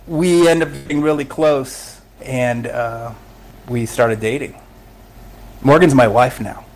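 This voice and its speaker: A middle-aged podcast guest tells his own story of recovery in conversation, candid and emotional, often laughing as he talks. His voice is mid-range and slow.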